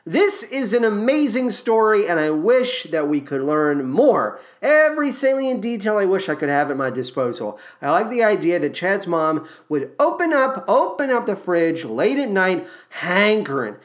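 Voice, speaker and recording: A woman's voice: mid-range voice, big pitch swings, normal speed, hardly any pauses. A woman hosting a podcast, giving sarcastic, profane commentary on a movie with exaggerated asides. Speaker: podcast host.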